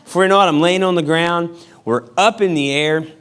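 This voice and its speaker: A man's voice: on the high side, a little fast, fairly bright tone, clear, resonant tone. A male pastor giving a sermon in a casual, joking storytelling manner. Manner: casual, humorous storytelling with acted-out quotes.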